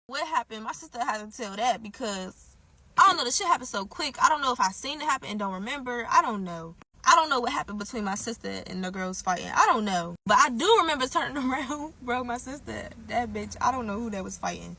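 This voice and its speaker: High, bright-voiced young woman telling a story. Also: brisk, breathy edge. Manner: animated, profane, swinging between loud bursts and low asides. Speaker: storyteller in a clip. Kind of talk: casual storytelling.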